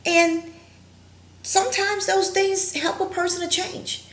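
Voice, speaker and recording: A woman counselor giving an earnest, reflective educational talk, pausing often with fillers. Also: very high voice, level tone, a bit bright. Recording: roomy echo.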